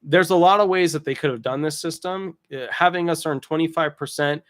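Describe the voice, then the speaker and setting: A man's voice: a little high, brisk, a bit bright. Rambling, jokey male disability attorney. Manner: rambling, jokey, lots of asides and restarts. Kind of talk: casual explainer video.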